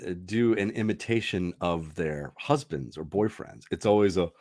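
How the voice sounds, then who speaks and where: A man's voice: low-pitched, normal speed, hardly any pauses, a little mellow. A middle-aged man hosting a casual podcast, chatty and rambling, laughing often and restarting his sentences. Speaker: radio host.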